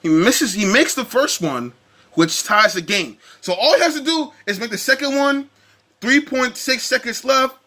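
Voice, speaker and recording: Excitable male sports vlogger, high bright voice, ranting hard. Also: normal speed. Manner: heated, ranting, animated. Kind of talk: casual sports rant.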